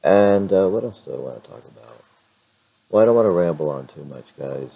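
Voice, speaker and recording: A middle-aged man chatting in a casual vlog with a hoarse, raspy voice, rambling with many fillers and restarts. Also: low voice, expressive, a little fast, warm tone, no room sound, muffled recording. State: clears throat now and then. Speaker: vlogger.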